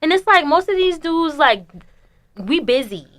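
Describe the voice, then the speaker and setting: A young woman co-hosting a casual group chat, emphatic and opinionated, talking in slang and breaking into loud laughing exclamations. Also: high-pitched, sing-song, unhurried. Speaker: podcast co-host.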